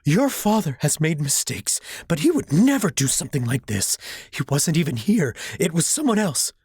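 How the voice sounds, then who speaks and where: A man voicing a high, sobbing distraught mother. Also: sing-song, moderate pace, darkish tone, husky, no echo, clean studio sound, full character voice. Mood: furious. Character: distraught middle-aged mother, fierce when crossed.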